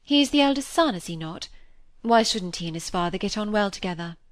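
A woman reading a classic novel aloud, voicing a restless, self-mocking young woman who talks in a lively, wry, confiding way. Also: medium pitch, brisk, dry recording, lightly acted. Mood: candid.

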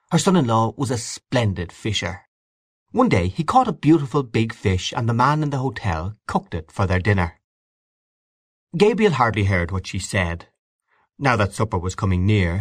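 Here a male audiobook narrator reads a classic tale aloud from a script, measured yet expressive. His voice runs on the low side, captured in studio quality without any room sound.

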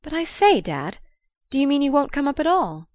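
A woman reading an audiobook, voicing an eager young man who is a dutiful son, with a brisk, coaxing, lightly teasing manner. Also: medium pitch, lively intonation, no room sound, natural voice. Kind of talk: audiobook character voice.

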